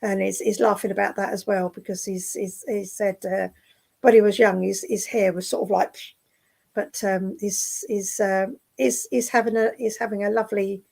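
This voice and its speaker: A woman working as a spiritualist medium in an online service, speaking gently and affectionately, with many fillers and restarts. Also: medium pitch, vocal fry, poor audio. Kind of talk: clairvoyant readings in an online service. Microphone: video call.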